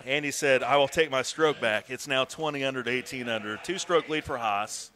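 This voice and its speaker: A man casually commentating a golf video game stream, joking, swearing and bursting into excited shouts. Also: mid-range voice, fairly quick, slight background noise.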